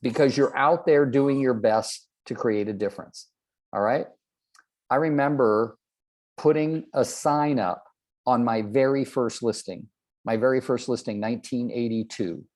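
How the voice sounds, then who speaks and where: A man's voice: mid-range voice, measured pace, a little mellow. A man in his sixties, a real estate trainer, giving a motivational talk and acting out the people in his stories. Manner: storytelling, acts out quoted people.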